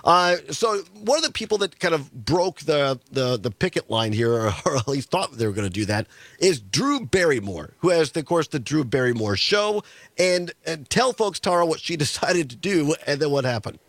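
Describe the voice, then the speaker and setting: A man's voice: a little high, big pitch swings, moderate pace, fairly bright tone, no room sound. A man hosting a radio talk show, casual and playful, laughing often as he talks.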